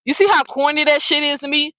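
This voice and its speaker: A woman's voice: sits high, quick pace, pushed and bright, dry recording, poor audio. A woman hosting a commentary channel, ranting bluntly and profanely, often repeating herself. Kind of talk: heated casual commentary rant.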